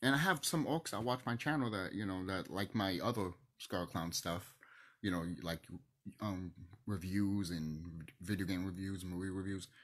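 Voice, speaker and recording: A man's voice: low-pitched, moderate pace. A man hosting his own channel, ranting to camera in a heated, profane, preachy way. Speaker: channel host.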